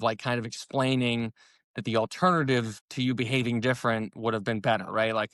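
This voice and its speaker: A middle-aged man with an American accent tells his story at a brisk clip and acts out each quoted line. His voice is smooth and clear on a dry, close mic. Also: mid-range voice, a bit bright, no echo. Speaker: retired army captain, podcast guest. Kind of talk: casual storytelling interview.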